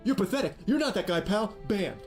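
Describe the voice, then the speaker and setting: A man's voice: sits high, big pitch swings, unhurried, a little mellow, faint music behind. A man putting on the voice of a ranting, self-pitying male card reseller, with mocking, exaggerated outrage. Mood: mock indignant.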